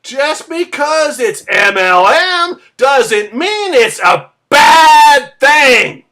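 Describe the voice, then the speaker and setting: A woman rants to her viewers in a high, bright voice, taking her time and leaning hard on key words. She gropes for phrasing, then pushes her voice up into loud, emphatic declarations. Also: big pitch swings, drawn-out words. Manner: emphatic, searching, bursts into raised voice. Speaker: vlogger and MLM member. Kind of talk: impassioned rant to camera.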